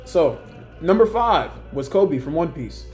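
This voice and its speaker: A young man with a voice pitched a bit high talks in a loose, rambling rant. He jumps between points and acts out other people's lines in raised voices. Faint music plays behind him. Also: big pitch swings, unhurried, a little mellow. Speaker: YouTuber ranking characters. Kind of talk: casual ranting commentary.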